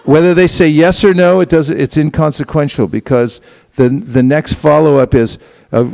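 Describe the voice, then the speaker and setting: A man's voice: a little high, normal speed, vocal fry, darkish tone. A man teaching a seminar group, acting out little dialogues with casual asides. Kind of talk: instructional talk to a group. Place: temple hall.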